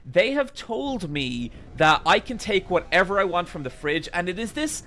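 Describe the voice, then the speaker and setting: A man streaming a game while telling a casual, animated story and swearing freely. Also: sits high, moderate pace, slight background noise.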